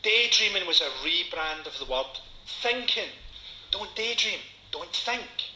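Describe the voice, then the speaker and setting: A Scottish man in his forties performs stand-up in a roomy venue, his voice pitched fairly high for a man. He delivers dark punchlines in a dry, sardonic way. An audience is clearly heard around him. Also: lively intonation, slow. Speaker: stand-up comedian. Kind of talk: stand-up comedy set. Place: comedy venue before a live audience. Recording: echoey venue with audience noise.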